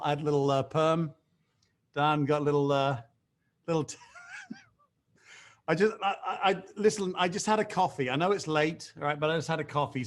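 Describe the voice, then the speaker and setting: A middle-aged man hosting a team video call, upbeat and chatty, with self-mocking jokes and frequent fillers. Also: fairly high pitch. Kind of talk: energetic video call pep talk.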